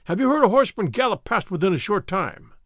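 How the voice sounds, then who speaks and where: Brief: narrator doing a swaggering army sergeant, loud and pushy, voice swinging up and down. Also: male voice, high-pitched, very animated, fast, dry recording, studio quality, full character voice. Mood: bullying. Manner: loud, blustering, threatening. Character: blustering male soldier sergeant, loud and bullying. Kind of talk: audiobook character reading.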